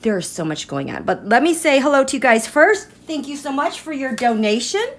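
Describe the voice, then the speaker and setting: A woman's voice: high-pitched, big pitch swings, normal speed. A woman hosting a tarot and astrology livestream from home, chatting in a rambling way and greeting viewers by name. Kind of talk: casual livestream chat.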